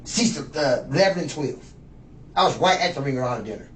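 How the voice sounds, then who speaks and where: Slightly high and brisk, this fifties-aged male suspect speaks expressively with a fairly bright tone, rambling, bragging and swearing under interrogation. He's in an interrogation room, captured on a distant mic in an echoey space with faint noise.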